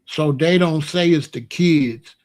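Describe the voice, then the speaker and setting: A man's voice: a little high, slow, darkish tone. An older man, telling stories in a rambling, casual way and pointing out places around him outdoors. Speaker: vlogger. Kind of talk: casual storytelling.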